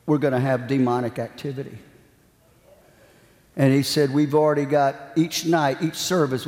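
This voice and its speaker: A man's voice: fairly high pitch, darkish tone. A man preaching a sermon, telling a story and then building into fervent, rising preaching. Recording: echoey hall with long reverb.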